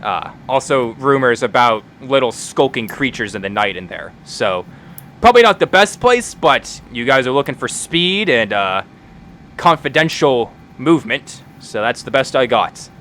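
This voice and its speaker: A man's voice: mid-range voice, big pitch swings, moderate pace, pushed and bright, slight background noise. A man doing a rambling ex-miner fisherman. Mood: helpful. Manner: rambling, hesitant, full of filler. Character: weathered middle-aged male ex-miner fisherman, helpful.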